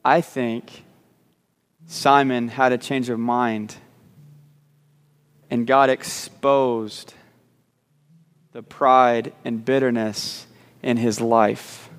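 A man's voice: mid-range voice, level tone, very slow, long pauses, clean tone, in a large hall. A man preaching a sermon, repeating words as he starts sentences and slipping in joking asides. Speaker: pastor. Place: church sanctuary.

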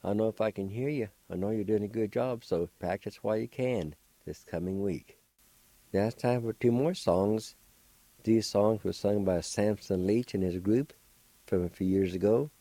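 A middle-aged man with a low, mellow voice teaches vocabulary on the radio. He speaks slowly, spells each word letter by letter and repeats it with patience. The sound is close and dry. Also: no echo. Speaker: radio language teacher and host.

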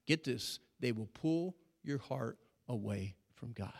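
A man preaching to teenagers, animated and playful, acting out little scenes and getting the crowd to repeat after him. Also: medium pitch, slow pace, gravelly. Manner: animated, acts out dialogue, calls for audience response. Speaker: youth pastor. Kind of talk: sermon to teens. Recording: long reverb of a large hall.

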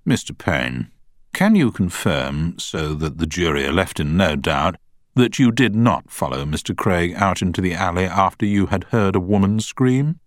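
A man's voice: low voice, animated, normal speed, dry recording, clean studio sound. A man voicing a pompous older male prosecuting barrister who objects indignantly.

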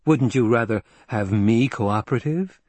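A man voicing a composed, persuasive captive noblewoman in low, measured, intimate tones. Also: a little mellow, dry recording, natural voice. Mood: coaxing.

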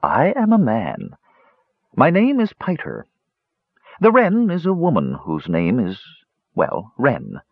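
Drawling wry tomcat read by a man, husky voice, dry muffled storybook audio. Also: mid-range voice, wildly swooping pitch, slow, long pauses, no room sound, voice pushed up, heavily acted. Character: lazy sly male tabby cat, enchanted man. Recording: slightly dull lo-fi recording.

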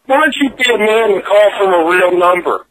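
A man with a notably high-pitched voice yells insults down a prank phone call. He stays hostile and keeps swearing. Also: expressive, fairly quick.

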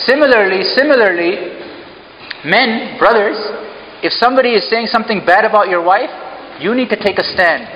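Guy giving a talk at the mosque, quizzing the crowd w some jokes, booming hall echo, kinda muffled lo-fi. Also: lively intonation, normal speed, slight background noise. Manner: engages audience with questions, light humor. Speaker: mosque speaker. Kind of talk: interactive religious talk. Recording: echoey hall, dull lo-fi sound.

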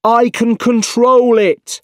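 A man's voice: mid-range voice, expressive, measured pace, a little mellow, no echo, studio quality, lightly acted. Otto: a man putting on a proud, confident scientist. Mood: frantic shouting.

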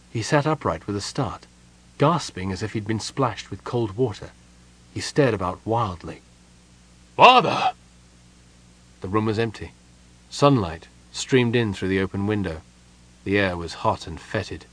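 A man narrating a fantasy audiobook in a steady, measured storytelling manner. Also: lowish voice, slightly rough.

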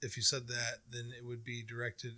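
Young man, very bright tone, loose rambling banter with slang and laughter. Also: mid-range voice, completely flat delivery, normal speed. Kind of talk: casual chat.

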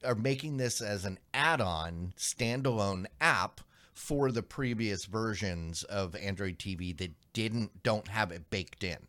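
A man co-hosting a tech podcast in casual chat, explaining the background of a news item with frequent pauses and restarts. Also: lowish voice, fairly bright tone. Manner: explanatory, hesitant, many ums and restarts. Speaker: podcast co-host.

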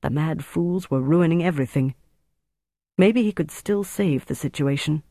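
A man narrating a thriller audiobook in a steady, measured way. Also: fairly high pitch, no echo, clean studio sound.

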